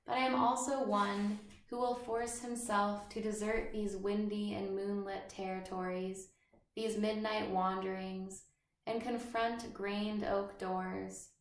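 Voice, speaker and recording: A woman voicing a brooding schoolboy who feels like an outsider, reading in a measured, even way. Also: mid-range voice. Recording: roomy echo.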